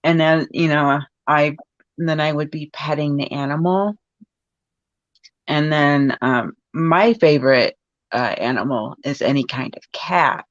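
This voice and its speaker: A woman guest in a casual talk, speaking haltingly with many fillers and restarts. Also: low voice, dry recording, highs cut off. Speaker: podcast guest. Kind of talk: casual conversation.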